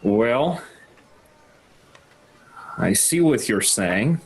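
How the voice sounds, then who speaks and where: A man's voice: mid-range voice, big pitch swings, very slow, slightly rough. A man playing a tabletop game, chatting playfully with the group. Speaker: player. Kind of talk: casual tabletop game chat.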